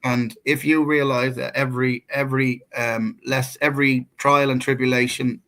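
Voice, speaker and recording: A man's voice: medium pitch, level tone, normal speed, sharp tone. A middle-aged man with an Irish accent, co-hosting a casual talk show and telling a personal story with many restarts and fillers. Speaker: co-host.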